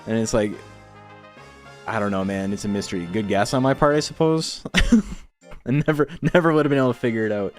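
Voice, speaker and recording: Low-voiced man rambling casually. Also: brisk, pauses often, faint music behind. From Toronto, Canada. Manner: rambling and swearing, with laughs between anecdotes. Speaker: streamer hosting a game tournament. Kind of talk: casual chat between matches.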